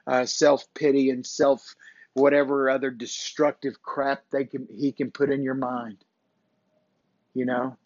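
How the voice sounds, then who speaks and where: A man's voice: mid-range voice, no room sound. A man hosting a faith podcast, giving an earnest, preachy motivational talk like a coach, with mild swearing, on a dull, dry, lo-fi recording. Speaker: podcast host.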